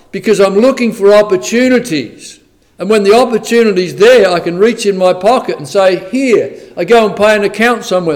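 A man preaching a conversational sermon, plain-spoken, who asks the listeners rhetorical questions and reads scripture in old-fashioned wording. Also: high-pitched.

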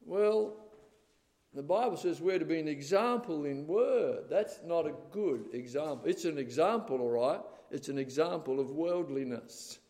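An older man preaching a sermon in a church, emphatic, with loud stressed words and calls of "amen?". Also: on the high side, expressive, unhurried. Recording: reverberant hall.

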